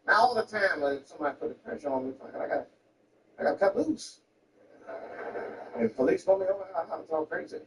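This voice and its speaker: Dude doing standup, high animated voice, echoey room, kinda far from the mic. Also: male voice, quick pace, pauses often, slight background noise. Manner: animated, profane storytelling with voices. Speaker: stand-up comedian. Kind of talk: stand-up comedy routine. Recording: distant, roomy live recording.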